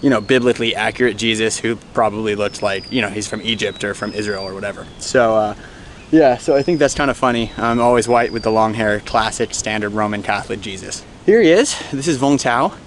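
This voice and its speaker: Speaking fairly low and a little fast, his tone slightly bright, this young man from the United States vlogs his travels over faint background noise. He's winded on a sweltering coastal hillside, chatty and self-deprecating as he wanders off topic.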